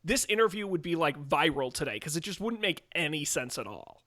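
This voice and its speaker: Podcast guy cracking jokes about movies, high voice that swings all over, super animated. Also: a little fast, no echo, clean studio sound. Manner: animated, joking storyteller. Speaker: podcast co-host. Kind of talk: casual movie discussion.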